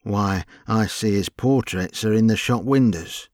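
A man's voice: on the low side, a little slow, a little mellow, no echo, studio quality, lightly acted. A man reading an audiobook, voicing a crafty working-class hired crook with a wheedling, conciliatory manner. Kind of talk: audiobook character voice.

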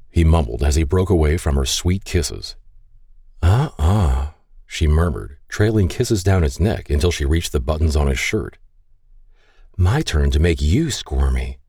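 Very deep-voiced male romance narrator. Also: warm tone, no echo, studio quality. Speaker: audiobook narrator.

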